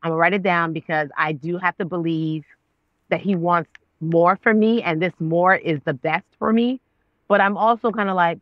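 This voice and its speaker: A woman in her thirties telling her story as a guest, voicing her own past dialogue with God. Her pitch leaps up and down as she acts it out. The sound is dry and slightly dull. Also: steady tone, normal speed, no echo. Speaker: guest, actress and author. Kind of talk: animated storytelling.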